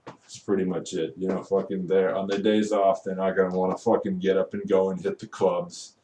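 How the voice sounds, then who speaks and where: A man's voice: sits low, level tone, fairly quick, mellow, recorded from a distance, a little hiss or hum. A man venting in a casual vlog about retail work, swearing constantly and rambling. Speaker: retail worker. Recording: roomy echo, voice away from the mic.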